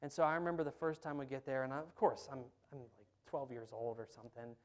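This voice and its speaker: A man preaching a sermon in church, telling stories in an animated, emphatic way. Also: medium pitch, fast talker. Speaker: pastor. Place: church sanctuary.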